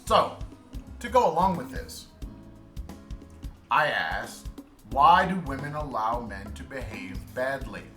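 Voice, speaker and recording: A man's voice: medium pitch, animated, slow pace, long pauses, bright, forceful tone, reverberant, soft background music. A man co-hosting a podcast, talking casually and earnestly, often restarting while he searches for the right words. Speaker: podcast co-host. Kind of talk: casual chat.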